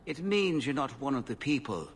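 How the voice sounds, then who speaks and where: A stern Irish elf guard. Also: male voice, mid-range voice, big pitch swings, moderate pace, breathy edge. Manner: stern, dismissive. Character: hostile male Dalish elf guard. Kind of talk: video game voice acting.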